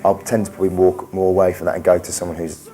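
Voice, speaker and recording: A man's voice: sits low, level tone, quick pace, dark tone. A young man in a pop band, talking earnestly and rambling in an interview. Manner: earnest, rambling, many restarts. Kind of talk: interview talk. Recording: music playing behind. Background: faint music.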